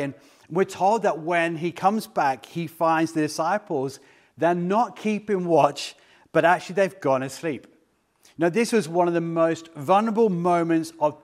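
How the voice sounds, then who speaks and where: A middle-aged male pastor preaching a sermon in a slightly higher voice. He tells the story earnestly, acts out the quoted lines and slows down to stress key words. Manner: earnest storytelling with quoted dialogue and slowed emphasis.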